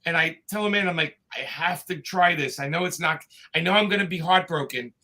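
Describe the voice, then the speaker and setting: A Brooklyn man talks over a video call in a high, bright voice. He's a chatty guest who tells stories and gives his opinions easily. The accent stays thick the whole way through, with quick asides between his points. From Brooklyn, New York. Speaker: guest comics creator. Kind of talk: casual live chat.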